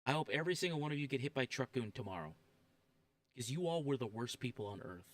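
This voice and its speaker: A man's voice: mid-range voice, animated, fast, no echo, clean studio sound. A man streaming a game and ranting, heated, profane and emphatic.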